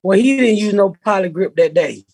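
A woman's voice: mid-range voice, animated, brisk, a little mellow, husky, no echo. A woman comedian co-hosting a podcast, talking in a blunt, profane, joking way. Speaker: comedian co-host. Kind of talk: casual podcast chat.

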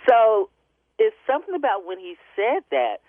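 A woman's voice: on the high side, big pitch swings, normal speed, dry recording. A woman phoning in to a radio show. She tells her story in an emotional, chatty way, laughing through it and tearing up. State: tearful. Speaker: caller. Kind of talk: phone-in radio call. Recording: tinny phone line.

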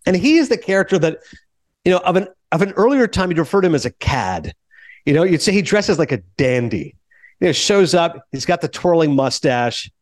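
A man hosting a podcast in casual chat, animated and talkative, jumping from thought to thought. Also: a little high, dry recording. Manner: animated, chatty, jumps between thoughts. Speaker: podcast host.

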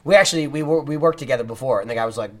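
A man co-hosting a podcast, telling stories in casual chat and acting out quotes with loud outbursts. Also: medium pitch, rapid-fire, a crowd in the background. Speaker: podcast co-host.

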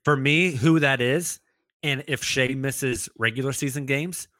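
Guy cohosting a sports podcast, chatty and lively, dry close sound. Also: mid-range voice, no echo. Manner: chatty, animated, quick asides. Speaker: podcast co-host. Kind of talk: casual sports chat.

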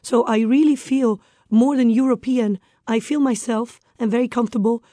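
Italian-accented woman guest, non-native English, warm and fairly high. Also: fairly even intonation, normal speed, no echo, clean studio sound. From Italy. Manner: earnest, searching for words in English. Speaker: interview guest. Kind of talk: casual interview talk.

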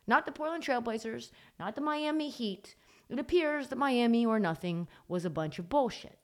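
A woman hosting a sports talk podcast, delivering an emphatic, gleefully mocking monologue in short punchy bursts. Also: a little high. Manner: punchy repeated short phrases. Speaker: podcast host.

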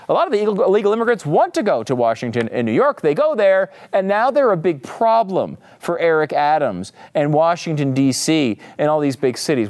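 A man hosting a political talk show, his voice swooping up and down with lively intonation. He talks in an opinionated, sarcastic way, stacking emphatic asides. It sounds like a seasoned broadcast host. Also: fairly high pitch, a little fast, hardly any pauses.

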